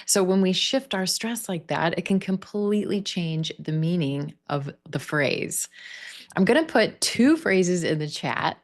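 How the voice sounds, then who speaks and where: Slow, deliberate woman coaching pronunciation. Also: lowish voice, lively intonation. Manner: slow, modelling words with exaggerated stress. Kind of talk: online pronunciation class.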